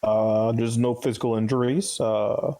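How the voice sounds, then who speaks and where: A man narrating as game master of a tabletop role-playing game, talking in a relaxed way with frequent fillers. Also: mid-range voice, measured pace, vocal fry.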